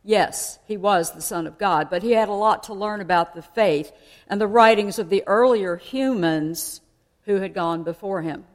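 A woman's voice: mid-range voice, moderate pace. Woman preaching in an echoing hall. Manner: conversational, explaining and asking listeners questions. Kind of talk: sermon. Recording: long hall reverb.

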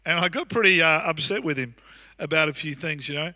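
Bright-voiced Australian pastor in his sixties. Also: a little high, brisk, no echo. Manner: anecdotal, conversational preaching with frequent fillers and restarts. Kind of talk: sermon. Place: church.

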